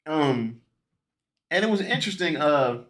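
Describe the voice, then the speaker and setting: A man hosting a casual movie review chat with his sister, joking and animated, with frequent restarts. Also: a little high, measured pace. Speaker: host.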